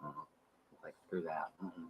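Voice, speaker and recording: A man's voice: very deep voice, little pitch movement, moderate pace, breathy edge. A man from the American Midwest in casual group chat, rambling through stories and swearing freely. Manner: rambling storyteller, swears, repeats "and everything". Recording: dull lo-fi stream audio.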